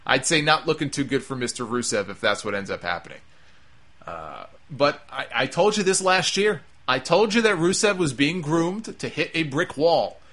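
A man's voice: on the high side, big pitch swings, normal speed, fairly bright tone. A man giving an opinionated, rambling solo commentary on pro wrestling, emphatic and full of restarts. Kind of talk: casual opinion monologue.

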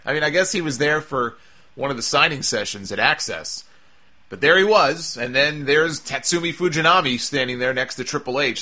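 Bright-voiced man recapping wrestling. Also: on the high side, lively intonation, normal speed. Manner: chatty, wry asides, frequent uh fillers. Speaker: wrestling show reviewer. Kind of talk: casual spoken recap.

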